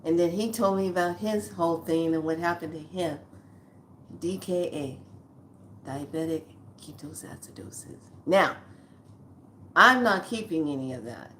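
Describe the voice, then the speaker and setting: Woman in her 60s, lowish voice, chatty and blunt storytelling, faint background ambience. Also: normal speed, fairly bright tone, a little hiss or hum. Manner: chatty, addresses viewers as lovelies, blunt and earthy. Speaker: spiritual vlogger. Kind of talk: casual storytelling to camera.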